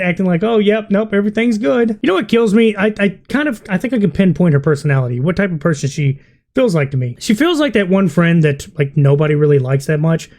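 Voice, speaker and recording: A man's voice: high-pitched, darkish tone. A man giving blunt, exasperated commentary on a video, swearing freely as he rants. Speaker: vlogger reacting to a video. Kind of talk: ranting commentary.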